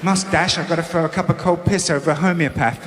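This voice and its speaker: Bloke doing stand-up, fairly high voice, big echoey hall, crowd roaring. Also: male voice, steady tone, fast, heavy background noise. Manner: brash storytelling, bursts into loud put-on voices. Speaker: stand-up comedian. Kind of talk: stand-up routine. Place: comedy venue stage with a live audience. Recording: echoey hall with loud audience laughter.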